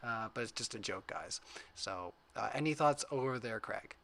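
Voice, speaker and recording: A man moderating a debate, reading out viewer questions quickly with jokes. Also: mid-range voice, animated, vocal fry, a bit bright. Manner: quick, joking.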